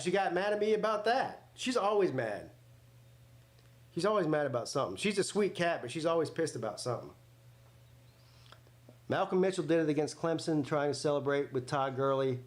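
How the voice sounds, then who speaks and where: A man hosting a live watch-party stream, joking crudely, commenting on the game and reading chat aloud. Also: fairly high pitch.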